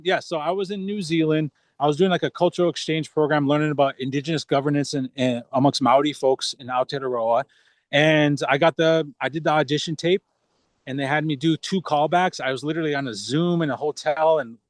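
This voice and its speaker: A man's voice: fairly high pitch, fairly quick, no echo. Man chatting in a dry, close sound. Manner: relaxed, rambling, many restarts. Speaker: actor, interview guest. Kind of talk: casual interview chat.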